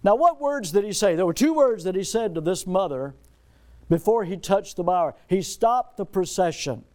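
A middle-aged man preaches with a fairly high yet mellow, warm voice. He keeps asking his listeners questions and hammers home repeated phrases, swinging from hushed lows to ringing highs. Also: expressive, moderate pace. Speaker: pastor. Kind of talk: sermon.

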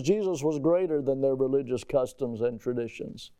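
High-voiced man preaching a fiery sermon. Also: moderate pace. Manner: emphatic, rhetorical questions, sudden rises in pitch and loudness. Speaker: pastor.

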